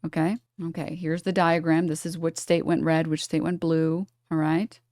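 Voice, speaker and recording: A low-voiced woman from New York doing live stream commentary at a desk mic. She talks down to her chat with heavy sarcasm while muttering through charts, and the sound is close and dry with no room around it. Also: level tone, normal speed, darkish tone, no echo. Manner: sarcastic, condescending toward chat; thinks aloud while checking charts.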